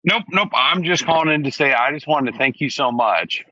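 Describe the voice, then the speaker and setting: A man's voice: medium pitch, animated, normal speed, sharp tone, dry recording. A male caller talking loosely and eagerly, thanking the host. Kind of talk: casual phone-in chat. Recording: dull lo-fi call-in line.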